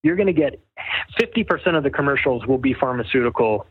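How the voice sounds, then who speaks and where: A man rambles through his points with a wry, sardonic edge. His voice is mid-pitched and comes through a thin, phone-like line. The sound is dry, with no room around it. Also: expressive, fast talker, breathy edge, dry recording. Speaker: guest author. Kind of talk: casual interview storytelling.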